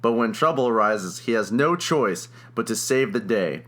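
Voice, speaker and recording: Bright-voiced young man retelling a plot. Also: mid-range voice, lively intonation, normal speed. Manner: chatty, laughs often, many fillers. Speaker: podcast co-host. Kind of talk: casual comedic plot retelling.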